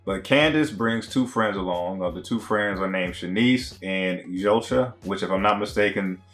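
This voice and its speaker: A man's voice: fairly low pitch, moderate pace, fairly bright tone, faint music behind. A man recapping and reacting to a TV episode in a rambling, conversational way, full of slang and fillers. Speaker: TV show reviewer. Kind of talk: casual recap commentary.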